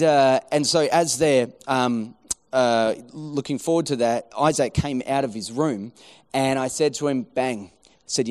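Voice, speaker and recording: A middle-aged man preaching a sermon, telling a story with lively acted-out quotes. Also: fairly high pitch. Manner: animated storytelling, acting out quoted voices. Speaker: pastor.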